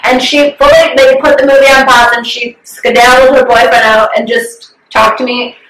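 Swearing freely, a woman in her twenties candidly recounts an emotional story in casual conversation. She speaks at a moderate pace in a high, fairly bright voice with a flat delivery. The recording is roomy, with the mic some distance away.

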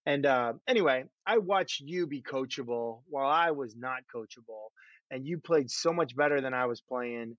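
A man's voice: medium pitch, normal speed, no echo. Self-mocking middle-aged man, muffled sound. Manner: self-deprecating, laughing storyteller. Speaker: former pro quarterback. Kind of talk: casual conversation. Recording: dull, dry muffled audio.

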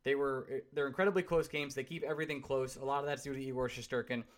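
A man hosting a casual podcast, reading out listener questions and chatting briskly. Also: mid-range voice, fairly even intonation. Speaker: podcast host.

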